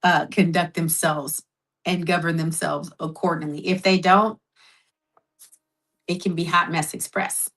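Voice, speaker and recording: A woman with a lowish voice speaks slowly and deliberately as a podcast co-host. She reflects on what she hears and affirms her guest, talking things through in a casual, conversational way. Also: steady tone, rough recording. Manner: warm affirming listener, slow reflective phrasing.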